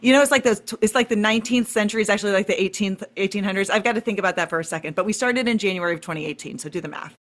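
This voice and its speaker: A woman's voice: medium pitch, rapid-fire, hardly any pauses. Chatty woman guest in her forties. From St. Louis area, USA. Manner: chatty, laughs easily, thinks aloud. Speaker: podcast guest, counselor. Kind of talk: casual podcast interview.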